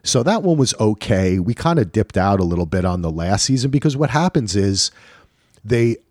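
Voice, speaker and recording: A man co-hosting a podcast, chatting casually and animatedly, sometimes acting out quick back-and-forth exchanges. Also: on the low side, sing-song, darkish tone, no echo, studio quality. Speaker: podcast co-host. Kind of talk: casual chat.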